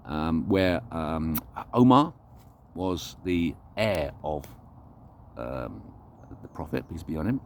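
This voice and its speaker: A man's voice: low voice, a little mellow, a little hiss or hum. A man vlogging an unscripted, reflective monologue, talking earnestly and searching for his words as he goes.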